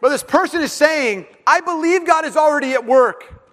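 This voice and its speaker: A middle-aged pastor preaches a sermon in a very high voice at normal speed, telling self-deprecating stories and acting out the voices in them. His retelling is animated, and the recording carries a long hall reverb.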